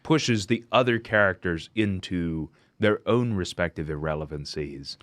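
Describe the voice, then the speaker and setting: A young man as a guest in a casual movie chat, animated and given to exclamations. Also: sits low, measured pace, dry recording.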